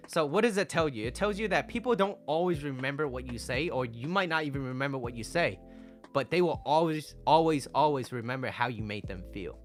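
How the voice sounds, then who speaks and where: A man coaching viewers on relationships in a loose, chatty monologue. His voice sits at an ordinary middle pitch, and he hammers his points home through repetition and constant check-ins like "right?". Faint music plays quietly in the background. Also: animated, a little fast. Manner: conversational, peppers lines with "right?" and "like"; emphatic, repeats key points. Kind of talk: casual advice monologue to viewers.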